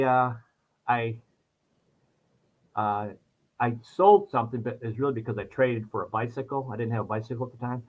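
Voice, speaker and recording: A podcast guest, an animated man, tells a story during casual chat, captured with lo-fi sound. His voice leaps high whenever he acts out his past self.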